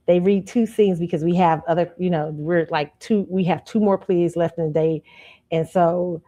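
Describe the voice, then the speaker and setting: A woman hosting her show, telling a personal story in a casual, animated way and calling her listeners y'all. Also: on the low side. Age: adult student. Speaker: show host.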